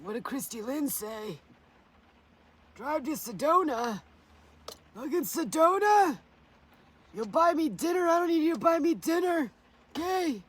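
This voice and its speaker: A woman's voice: high voice, expressive, a little slow, long pauses. A woman livestreaming from her phone, rambling and swearing to her chat with frequent laughter. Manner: rambling, profane, laughs often.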